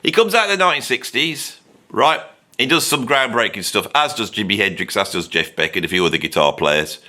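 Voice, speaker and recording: A middle-aged man rants about music in an animated, sarcastic way, wandering off on tangents as he goes. His voice is bright and forceful. He talks straight to his viewers like a host who has done this many times. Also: on the low side, a little fast. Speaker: drummer and video host. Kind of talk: opinionated ranking monologue.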